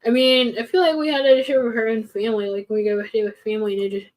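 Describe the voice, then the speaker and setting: A woman co-hosting a casual seminar who reads audience questions aloud and answers from her own experience. Her speech is chatty and informal. Her voice sits a little high. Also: fairly even intonation, racing. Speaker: seminar co-presenter. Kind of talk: casual panel talk.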